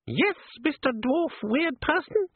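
A man voicing a small, rude, squeaky male imp, heard through a tinny line. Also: expressive, takes it slowly, no room sound, full character voice. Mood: cheeky. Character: squeaky cheeky little male imp in a picture box. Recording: tinny dry phone-like sound.

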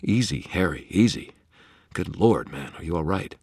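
A man voicing a calm, devout knight with an earnest, composed manner for an audiobook. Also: sits low, normal speed, breathy edge, dry recording, clean studio sound, heavily acted. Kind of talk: audiobook character voice.

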